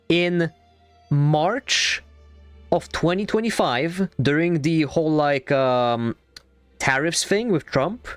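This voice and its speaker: A young adult man streaming a game, chatting casually in a rambling, excitable way and swearing freely. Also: fairly high pitch, dry recording. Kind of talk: casual gaming stream chat.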